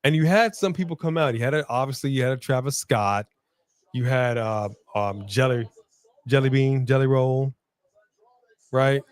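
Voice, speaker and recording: A man with a mid-range, clean-toned voice co-hosts a casual wrestling watch-along stream at normal speed. Laid-back, he reads viewer comments, laughs often, and repeats phrases.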